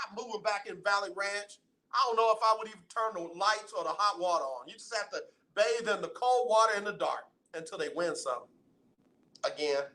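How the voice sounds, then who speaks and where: A man hosting a sports radio talk show, teasing and preaching to callers in loud, playful banter. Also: high voice, a little fast. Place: radio studio.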